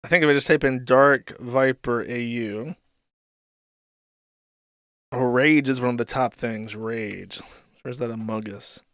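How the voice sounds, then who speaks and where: A man's voice: medium pitch, fairly even intonation, unhurried, pauses often, a bit bright, no room sound, studio quality. A man hosting a live stream, reading posts and mocking them in a rambling, swearing commentary. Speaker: streamer host.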